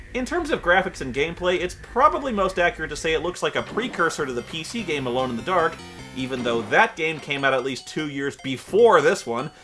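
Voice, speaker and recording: Sarcastic, animated male game reviewer. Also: fairly high pitch. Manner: sarcastic, exasperated, profane. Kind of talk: comedic video game review.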